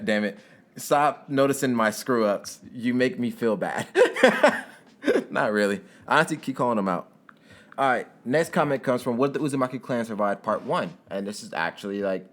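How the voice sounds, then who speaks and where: A young man narrating a fan story and then chatting casually to his viewers, rambling and laughing, jumping into high squeaky tones when he jokes. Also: fairly bright tone. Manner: giggly, rambling, jumps into high squeaky bits when joking.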